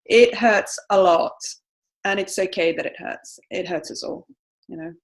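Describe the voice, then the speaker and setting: A woman's voice: fairly low pitch, unhurried. A woman co-hosting a casual reflective chat, speaking emphatically and reassuringly, often repeating herself. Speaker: co-host.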